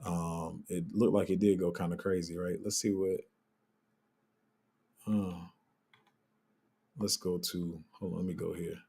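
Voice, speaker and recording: A man's voice: low-pitched, little pitch movement, measured pace, gravelly, pauses often, dark tone, husky. A man hosting a casual live crypto Q&A, answering chat in a loose, candid way and trailing off while he looks things up. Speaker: crypto livestream host.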